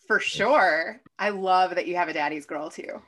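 A woman hosting a casual podcast, warm and quick to laugh. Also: on the low side. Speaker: podcast host.

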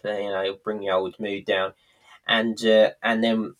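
A man with a fairly low voice speaks a little slowly while co-hosting a podcast. He rambles through a recap in casual chat, hesitating with lots of ums and laughing at himself.

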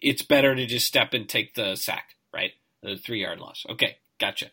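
Nasal, husky man breaking down football. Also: medium pitch, moderate pace, sharp tone. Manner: analytical, hedging, lots of "right?". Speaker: sports podcast co-host. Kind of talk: casual chat.

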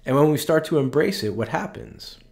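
A male pastor giving a conversational, openly emotional sermon, often checking in with "right?" and slowing down on tender points. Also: fairly high pitch, lively intonation, gravelly, darkish tone. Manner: earnest and personal, with frequent "right?" asides.

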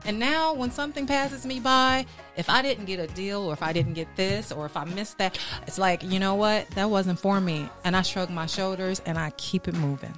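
A woman in casual chat, talking in an emphatic, self-assured way with drawn-out phrases. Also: mid-range voice, fairly bright tone, faint music behind.

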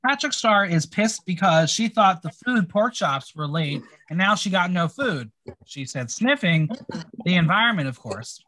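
A man co-hosting a podcast, chatting casually and reading out answers with wry, quick reactions. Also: sits high, lively intonation, pushed and bright, dry recording. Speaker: podcast co-host. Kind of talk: casual recap chat.

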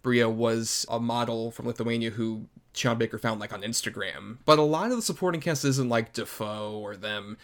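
A man's voice: medium pitch, normal speed, few pauses. Rambling casual man from Florida. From Florida, USA. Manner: loose and rambling, heavy "like" filler, swears casually. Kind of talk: casual film discussion.

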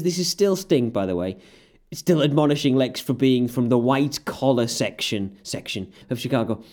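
A man's voice: mid-range voice, lively intonation, moderate pace, hardly any pauses, a little mellow. A man recapping wrestling in casual podcast chat, sarcastic and often laughing. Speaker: podcast co-host.

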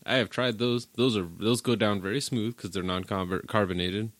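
A man's voice: fairly low pitch, steady tone, moderate pace, a bit bright, no room sound. A man hosting a podcast in casual, joking chat, swearing often and laughing a lot. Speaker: podcast host.

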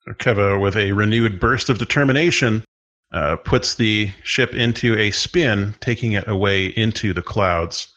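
A man narrating as game master of a tabletop role-playing game, describing scenes at an unhurried pace with frequent fillers. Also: lowish voice, fairly bright tone.

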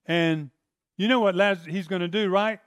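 Man, preacher, high-pitched, emphatic sermon delivery, loud-to-soft swings, acts out scenes. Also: moderate pace, no echo, clean studio sound.

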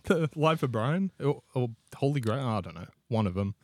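A man's voice: medium pitch, animated, normal speed, a little mellow, no echo. Rambling, jokey Australian man. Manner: rambling, jokey, laughs often. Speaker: podcast co-host. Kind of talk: casual chat.

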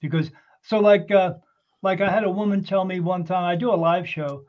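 A man with a fairly high voice tells stories in a loose, animated way, slipping into the voices of the people in them. The sound is muffled and lo-fi. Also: normal speed. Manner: animated anecdote-telling, acts out quoted voices. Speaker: psychic guest. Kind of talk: casual storytelling.

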